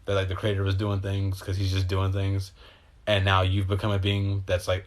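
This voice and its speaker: A man with a somewhat low voice talks in a casual, meandering monologue. He drifts from thought to thought, swearing freely and speaking with open emotion. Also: completely flat delivery, normal speed. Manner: meandering, profane, emotional stream of consciousness. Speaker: host. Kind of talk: rambling spiritual monologue.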